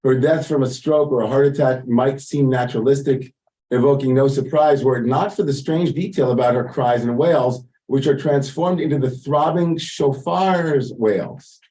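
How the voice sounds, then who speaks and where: A man's voice: medium pitch, moderate pace, mellow, distant mic, poor audio. A man leading a Torah study lesson, translating Hebrew lines and explaining them in an informal way with many asides. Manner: explains Hebrew text line by line, translating as he goes. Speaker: teacher leading text study.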